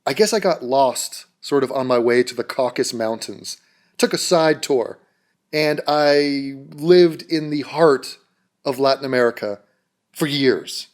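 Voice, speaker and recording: A man's voice: mid-range voice, unhurried. A man delivering a mocking, sarcastic vlog rant straight to camera. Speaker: YouTuber.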